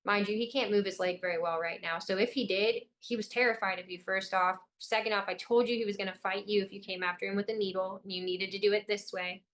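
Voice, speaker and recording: A woman's voice: medium pitch, fairly even intonation, fast, few pauses, a bit bright. A young woman from Illinois, a guest in an interview, giving an urgent, intense personal account.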